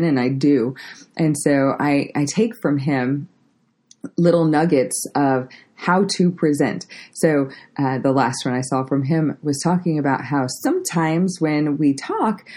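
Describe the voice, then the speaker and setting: A woman's voice: sits low, darkish tone. A woman hosting a solo education podcast, chatty and self-deprecating, with many fillers and restarts. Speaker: podcast host.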